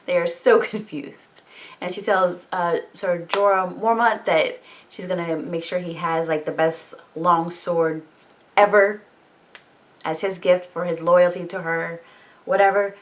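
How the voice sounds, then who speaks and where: Casual woman vlogger, lowish voice, loose and jokey book chat with swearing. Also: fairly bright tone. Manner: chatty, filler-heavy, swears, jokey asides. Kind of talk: casual book recap and review.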